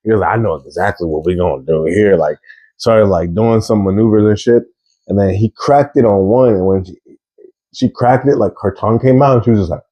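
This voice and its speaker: A man's voice: on the low side, fairly quick, mellow. A young man co-hosting a podcast, telling rambling, filler-heavy stories in casual chat. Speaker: podcast co-host.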